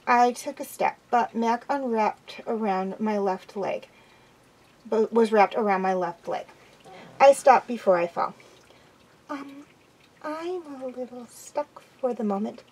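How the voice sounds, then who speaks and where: A woman reading a first-person amateur audiobook in a quiet, even way. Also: medium pitch, unhurried, poor audio. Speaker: audiobook reader.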